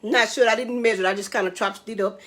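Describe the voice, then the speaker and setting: A woman's voice: mid-range voice, fairly even intonation, fast talker, a bit bright. A woman in a casual cooking vlog, talking to her viewers in a chatty, playful way, calling them babies and honey. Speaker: cooking show host.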